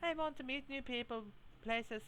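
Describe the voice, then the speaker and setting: A streamer voicing a young female cyber idol in a put-on, deliberately bad Scottish accent while reading game dialogue aloud. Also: fairly bright tone, a little hiss or hum, low-quality recording. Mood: wistful. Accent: put-on Scottish, done badly. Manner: high, sing-song idol chatter.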